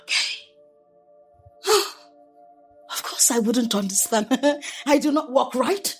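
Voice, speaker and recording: A neglected young wife with a Nigerian accent, high-pitched and wildly animated as she accuses her husband and repeats herself. Faint film music runs underneath. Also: slow pace, slightly rough, full character voice. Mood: sarcastic. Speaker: actress in a film. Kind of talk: film drama acting.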